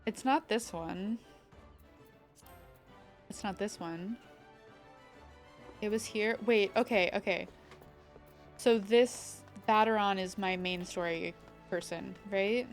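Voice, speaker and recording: A young woman with a mid-range voice chats casually on a game live stream, thinking out loud and greeting her viewers. She speaks slowly with long pauses, and soft music plays in the background.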